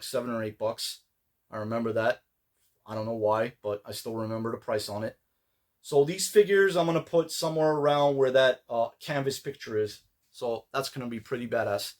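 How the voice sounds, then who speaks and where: A man talking casually about his latest collectible finds. His voice sits at an ordinary middle pitch. He rambles, restarting sentences and filling pauses with "uh" and "like". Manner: rambling, relaxed, many fillers and restarts. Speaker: collector vlogger. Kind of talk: casual pickups vlog.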